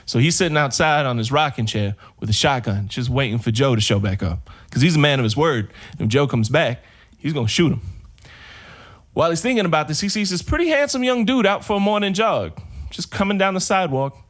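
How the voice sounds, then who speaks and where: A man's voice: on the high side, expressive, a bit bright. A man on a podcast, casually telling a long shaggy-dog joke and drawing out the build-up. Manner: casual storyteller, drawn-out build-up. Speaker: podcast co-host.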